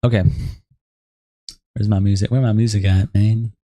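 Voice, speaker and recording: A man streaming live, reading a document aloud and tossing off quick, offhand reactions to his chat. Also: fairly low pitch, level tone, warm tone. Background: faint background music.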